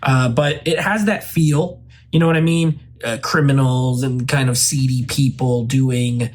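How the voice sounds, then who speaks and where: A man's voice: medium pitch, fairly even intonation, unhurried. A man hosting his own channel, giving a loose, rambling spoken movie review full of "like" and "uh" fillers. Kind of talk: casual spoken film review.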